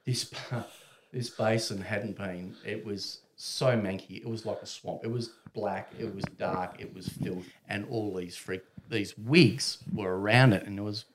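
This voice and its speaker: A man's voice: lowish voice, a little slow, a little hiss or hum. A man telling a casual anecdote, acting out voices and chuckling mid-sentence. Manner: animated, acts out voices, laughs mid-sentence. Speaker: storyteller.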